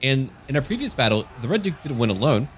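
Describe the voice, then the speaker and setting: A man's voice: mid-range voice, very animated, quick pace, slight background noise. A man giving gameplay commentary as a gaming channel host, with dry, joking asides.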